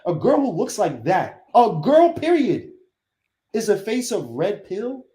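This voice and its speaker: A man chatting on a podcast, talking in a high voice that swings widely as he tells stories and acts out other people. His voice rings out in a roomy, echoing space. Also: a little slow. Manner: animated storytelling, acts out quoted voices. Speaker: podcast host. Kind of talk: casual podcast chat. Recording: roomy echo.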